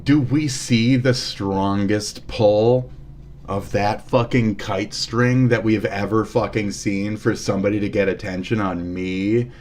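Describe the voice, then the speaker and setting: A man's voice: fairly low pitch, a little mellow. A man streaming live, talking casually, swearing a lot and ranting angrily with sudden shifts. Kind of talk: casual livestream commentary.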